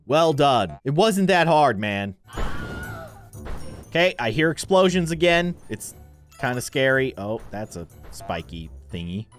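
A man's voice: medium pitch, measured pace, faint music behind. A man hosting a gaming video, giving playful, joking commentary as he plays. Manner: animated, joking, mock-annoyed.

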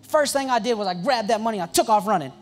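A young man, a youth pastor, telling stories in an excitable, joking sermon full of quick asides and restarts. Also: sits high, soft background music. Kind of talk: storytelling sermon.

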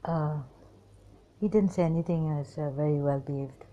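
A woman recounting memories in a halting personal monologue, pausing often, apologizing and trailing off. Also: sits low, fairly even intonation, warm tone, dull audio. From Pakistan. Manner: hesitant, many pauses and apologies, trails off.

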